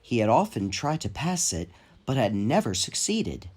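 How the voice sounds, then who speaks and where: A man narrating a children's train story in an expressive storybook manner. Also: mid-range voice, normal speed. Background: music.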